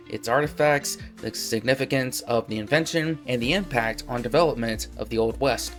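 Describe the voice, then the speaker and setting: A man vlogging casually from his car on a road trip, chatty and rambling with lots of fillers. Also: medium pitch. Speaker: travel vlogger. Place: in his car while driving. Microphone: handheld camera in the car.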